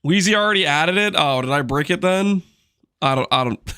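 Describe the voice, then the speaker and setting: A man's voice: on the high side, animated, moderate pace, pushed and bright, clear, resonant tone, dry recording. A man streaming a game, joking and chatting with his viewers while he plays. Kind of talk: casual live-stream chat while gaming.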